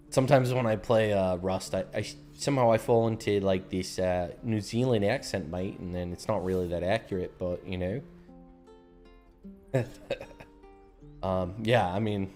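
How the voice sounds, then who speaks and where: A man's voice: sits low, darkish tone. An American man streaming a game, chatting casually in a laid-back, slangy way. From United States. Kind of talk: casual gameplay commentary.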